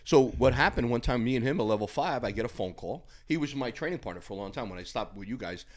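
Animated, swearing man telling gym stories. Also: mid-range voice, fast. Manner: animated, profane, laughing storyteller. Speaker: podcast guest. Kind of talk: casual storytelling.

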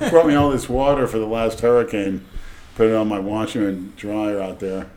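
A man's voice: on the low side, normal speed, darkish tone, a little hiss or hum. A man co-hosting a podcast, telling stories in a matter-of-fact way. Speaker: podcast co-host. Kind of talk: casual chat.

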